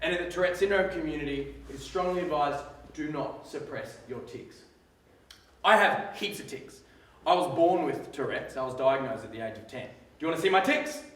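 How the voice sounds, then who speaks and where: This is a live talk to students from an Australian man in his twenties whose voice sits a little high. He's animated and jokey, lengthening words for emphasis, while his slightly raised delivery, far from the mic, reverberates through a large theatre over faint room noise.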